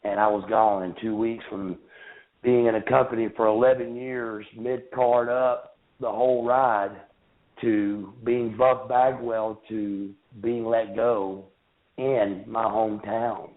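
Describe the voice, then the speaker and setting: Halting man on a tinny phone line. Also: lowish voice, level tone. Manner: halting, repeats words, speaks of hurt. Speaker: guest. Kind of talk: emotional interview recollection. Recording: phone-line call-in audio.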